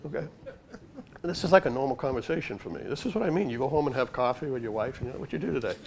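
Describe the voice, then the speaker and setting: A man's voice: mid-range voice, animated, racing. An older man, a retired undercover agent telling stories to a library audience in a punchy, conversational way. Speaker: author and former undercover agent giving a library talk. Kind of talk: storytelling talk to an audience. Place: library meeting room.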